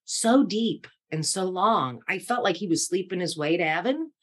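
A middle-aged woman talks as a podcast guest, her voice sitting a little low. She tells her story with candid tenderness. She acts out what people said as she goes. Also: animated, moderate pace, a bit bright, breathy edge. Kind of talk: emotional personal storytelling.

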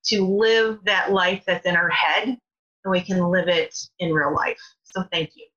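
A middle-aged woman chatting in an animated way as a caller, sharing a story of thanks. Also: fairly low pitch, a little slow, dull audio. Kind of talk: casual testimony.

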